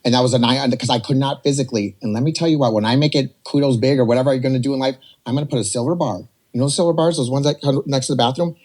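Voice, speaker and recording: A man in his forties telling a personal story on a podcast, animated and rambling, slipping into voices to act out what others said. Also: mid-range voice, racing, hardly any pauses. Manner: animated, rambling, jumps between quoted voices. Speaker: podcast guest. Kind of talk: casual storytelling.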